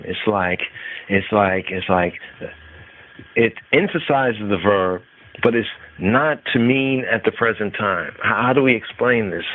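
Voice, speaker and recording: A man teaching scripture on a podcast, slowly repeating and chanting Hebrew words. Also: mid-range voice, slight background noise. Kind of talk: slow devotional scripture teaching. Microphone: phone line. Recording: tinny phone-line call-in radio.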